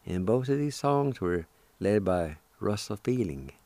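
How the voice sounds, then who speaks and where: A radio host teaches a language lesson in an unhurried, deliberate way. He spells words out letter by letter and repeats them. His voice is low, mellow and dry, close to the mic. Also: lively intonation, dry recording.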